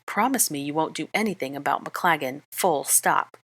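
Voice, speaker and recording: A woman reading the part of a clever young witch, speaking briskly with exasperation in an audiobook-style fan reading. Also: sits low, a bit bright, slightly rough, no room sound, full character voice. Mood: exasperated.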